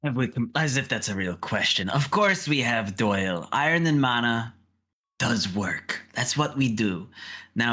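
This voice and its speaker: A man's voice: mid-range voice, pushed and bright. A man doing a haughty, self-assured adventurer. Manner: haughty and impatient.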